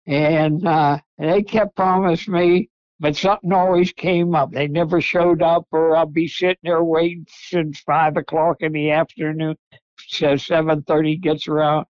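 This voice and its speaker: A man's voice: a little high, little pitch movement, measured pace, darkish tone, clean tone, no echo, dull audio. An older man, a podcast guest, telling rambling folksy stories about his past. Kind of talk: storytelling interview.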